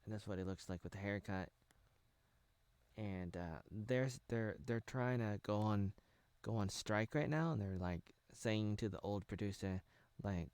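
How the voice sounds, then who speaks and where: A man's voice: on the low side, measured pace, darkish tone, smooth, no room sound. Rambling American man riffing on a show. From United States. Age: 30s. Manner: rambling, self-correcting, jokey. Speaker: video commentator. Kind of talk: casual parody commentary over a show.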